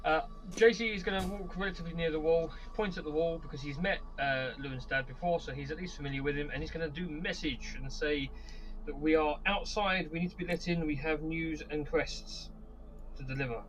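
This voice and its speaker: A man's voice: a little high, brisk, music in the background, poor audio. A man playing a tabletop game online, joking around and laughing at his own lines. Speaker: player.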